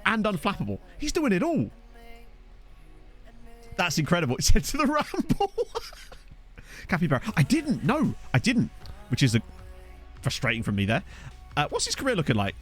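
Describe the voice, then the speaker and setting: Male streamer, high, swooping voice, chatty and quick to laugh, desk mic. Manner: animated, laughs often, chats with viewers. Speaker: gaming streamer. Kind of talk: casual live-stream commentary. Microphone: USB desk microphone.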